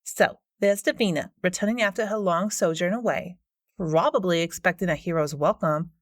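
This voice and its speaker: A woman's voice: on the low side, moderate pace, no room sound, clean studio sound, lightly acted. A woman putting on a smarmy know-it-all investigator. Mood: smug. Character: smug pushy female paranormal investigator.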